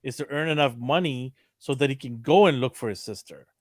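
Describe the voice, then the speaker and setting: A man co-hosting a casual podcast chat about a TV episode, jokey and quick to laugh, quoting the characters. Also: mid-range voice, no room sound, clean studio sound. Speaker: podcast co-host.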